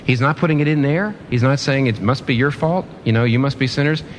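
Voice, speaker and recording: A man's voice: mid-range voice, brisk, slight background noise. A man preaching a sermon in an earnest way, often restarting and repeating phrases for emphasis.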